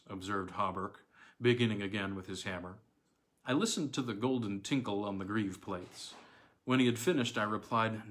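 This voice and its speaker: Male audiobook narrator, lowish voice, measured and deliberate, classic story. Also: fairly bright tone.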